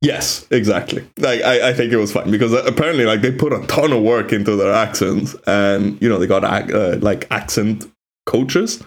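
A man's voice: lowish voice, normal speed. A man from Italy with an Italian accent, a native Italian speaker co-hosting a podcast in casual, opinionated chat. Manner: chatty, opinionated, frequent "like" fillers. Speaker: podcast co-host.

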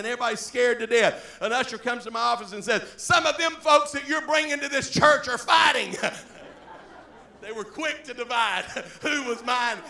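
A folksy preacher spins a yarn from the pulpit, laughing often and shouting at times. His voice runs high with a gravelly rasp and a bright edge. The sound rings through an echoey church sanctuary. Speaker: pastor. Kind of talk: storytelling sermon.

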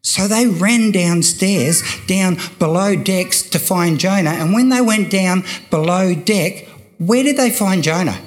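An older man preaching a sermon, slow and emphatic, repeating key phrases for weight. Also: high-pitched.

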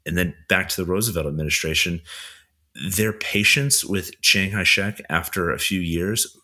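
Deep husky male history podcaster. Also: normal speed. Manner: steady explainer, frequent "you know" fillers. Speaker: podcast co-host. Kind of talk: casual history podcast explaining.

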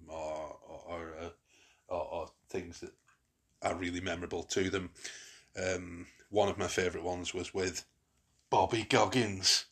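A man hosts a relaxed podcast conversation in a very deep, husky voice. He rambles, circling back with fillers and false starts as he talks through his picks. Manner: rambling, many restarts and fillers. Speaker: podcast host. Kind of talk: casual chat.

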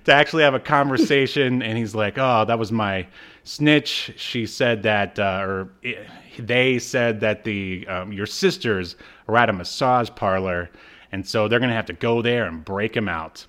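A male podcast co-host with a fairly low, clean, resonant voice and a fairly bright tone recaps an episode at a normal speed. It's casual chat, and he laughs as he retells the story, acting out the characters' lines with amusement.

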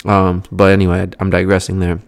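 Low, flat-voiced man rambling casually. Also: fast talker, gravelly, no echo. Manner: rambling, filler-heavy, profane. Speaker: vlog host. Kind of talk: casual travel recap.

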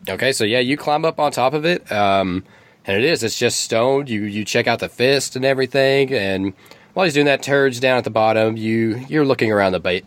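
A man narrating a tabletop game as game master, rambling and often correcting himself. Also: fairly low pitch.

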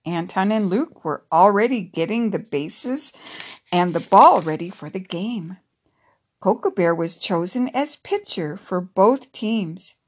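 A woman narrates a children's story gently and expressively. Her mid-range voice is husky, and she takes her time.

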